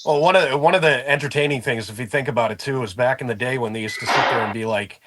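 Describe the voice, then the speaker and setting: A man's voice: medium pitch, quick pace, fairly bright tone. A man co-hosting a wrestling podcast, complaining bluntly and casually with swearing. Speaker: podcast co-host. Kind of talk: casual wrestling talk show chat.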